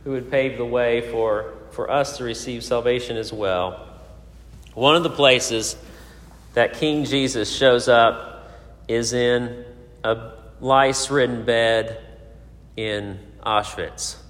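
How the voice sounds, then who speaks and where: A man preaching a sermon, telling a story with many pauses, fillers and restarts. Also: mid-range voice, a bit bright. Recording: echoey hall.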